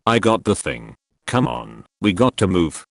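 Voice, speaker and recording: A brash raccoon-like space rogue, blunt and in a hurry, as a man reads his lines. The voice sits low, with plenty of lively movement in the pitch. The sound is close and dry. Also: a little slow, gravelly, no echo, full character voice. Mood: hurried.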